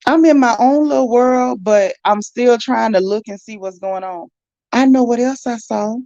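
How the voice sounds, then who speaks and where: Female livestream host, gravelly and chatty, reading viewer comments. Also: on the high side, moderate pace, dry recording, highs cut off. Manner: chatty, animated, talks straight to viewers. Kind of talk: casual livestream chat.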